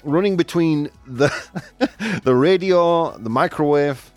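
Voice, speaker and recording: A male radio host doing live banter, energetic and chatty, laughing often and a bit out of breath. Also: on the high side, slow, dry recording, soft background music. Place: radio studio.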